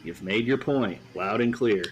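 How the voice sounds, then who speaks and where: A man voicing a calm, patient male wrestling manager, in a measured, placating way. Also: fairly low pitch, lo-fi sound, a little hiss or hum, lightly acted.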